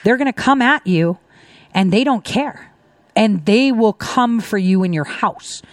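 A middle-aged woman hosting a casual commentary show, talking in an animated, emphatic way with mocking asides. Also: mid-range voice, measured pace, no echo, studio quality. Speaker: host.

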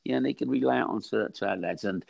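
A man's voice: on the low side, quick pace, gravelly, no room sound. An older man, a boxing coach chatting casually on a podcast, rambling and jokey.

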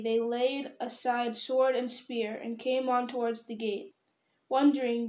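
A woman's voice: fairly high pitch, a little mellow. Woman reading an audiobook. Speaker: audiobook reader. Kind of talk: audiobook narration.

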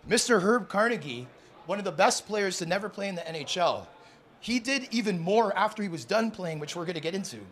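Man, podcast host, bright voice, high pitch, lively swooping delivery, announcer-style hype. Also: a little fast. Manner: excitable, announcer-like. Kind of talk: live podcast taping, hype introductions. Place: sports bar studio.

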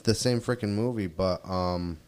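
A man co-hosting a podcast in casual chat, excitable and repetitive, sometimes breaking into snippets of songs. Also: low voice, a little slow. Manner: excitable, repeats himself, bursts into song snippets. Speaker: podcast co-host.

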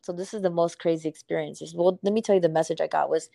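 A woman's voice: lowish voice, fairly even intonation, fast talker, vocal fry, warm tone, no echo. A woman speaking as a purpose coach in a casual podcast conversation, effusive and emphatic, swearing casually.

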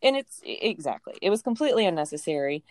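A woman in her thirties telling a personal story in a casual, animated way, laughing often and acting out what people said. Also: lowish voice, fast, no room sound. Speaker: storyteller guest.

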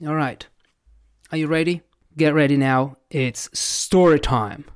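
A man's voice: fairly high pitch, a little slow. A man hosting a casual podcast interview at home, reading out a long list and admitting when he is unsure of pronunciations. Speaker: podcast host.

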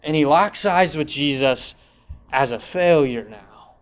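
A young man delivers a sermon with a slightly higher voice than most men. He retells the scripture story in a relaxed, chatty way, acting out the quotes as he goes. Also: measured pace. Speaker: preacher.

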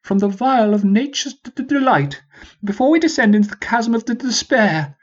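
A man's voice: very high voice, lively intonation, moderate pace, muffled recording, voice pushed up. A man voicing a pompous posh sergeant who stutters on his D's and P's and speechifies grandly.

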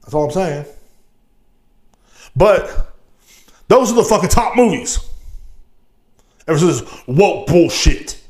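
A man's voice: on the high side, animated, slow pace, long pauses, reverberant. A man from Texas, hosting a podcast in a profane, rambling, riled-up solo rant. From Texas, USA. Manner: riled-up, swears constantly, rambling. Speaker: podcast host.

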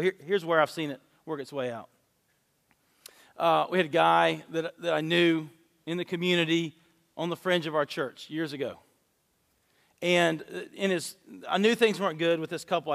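A man preaching a sermon, telling stories and acting out the dialogue with lively emphasis. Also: on the high side, gravelly. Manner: animated storytelling with acted-out dialogue. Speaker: pastor. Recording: long reverb of a large hall.

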